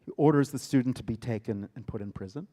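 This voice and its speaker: In a lecture hall, a male theater director retells a story as part of his lecture, adding dramatic emphasis and sudden loud outbursts. His voice sits in the mid range and moves fast.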